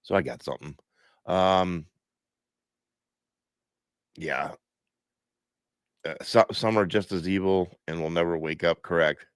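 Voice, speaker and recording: A man's voice: deep voice, takes it slowly, long pauses, clear, resonant tone, dry recording. A man hosting a live stream from home, stuffed up, talking in a preachy, repetitive way and reading viewer comments aloud.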